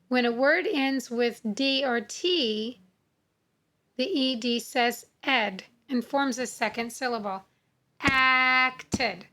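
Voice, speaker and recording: Woman, English teacher, phonics lesson, slow and careful, higher voice. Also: fairly bright tone. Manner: slow, deliberate, sounding out words and repeating rules.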